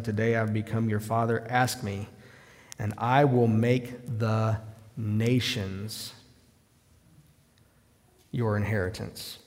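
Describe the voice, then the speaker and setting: A man preaching a sermon, reading scripture aloud and raising his voice when he quotes the cries in the text. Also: medium pitch. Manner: reads scripture aloud, rising to loud shouts in quoted cries. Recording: long hall reverb.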